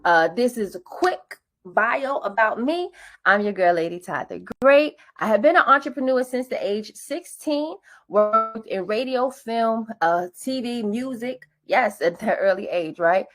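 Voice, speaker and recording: A woman's voice: fairly high pitch, lively intonation, a little slow, soft background music. A woman. She hypes up her audience with casual slang and call-and-response greetings. She comes through a computer mic on a video call. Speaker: webinar host. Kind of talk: lively webinar presentation.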